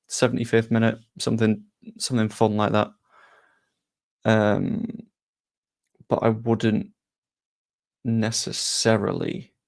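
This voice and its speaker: Gravelly-voiced man answering chat questions. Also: on the low side, a little mellow. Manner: chatty, answers viewer questions with asides. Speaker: football channel host. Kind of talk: casual live-stream Q&A.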